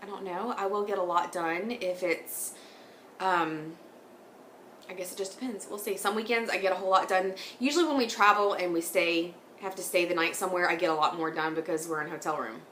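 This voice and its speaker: Chatty bright-voiced woman in an echoey room. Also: on the low side, fairly quick, slight background noise. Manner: chatty, rambling, laughs often. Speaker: knitting podcast host. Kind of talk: casual chat. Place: home sitting room.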